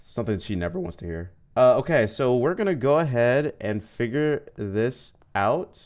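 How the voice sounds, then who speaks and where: With faint game music behind him, a man plays a video game on stream and keeps up a joking, casual conversation with viewers. He speaks at normal speed in an expressive, medium-pitched voice with a darkish tone.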